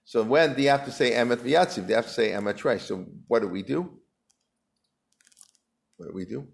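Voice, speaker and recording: Gravelly man teaching a Talmud class. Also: mid-range voice, a little fast. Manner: restarts a lot, chanting Aramaic then explaining in English; conversational, asks the class questions.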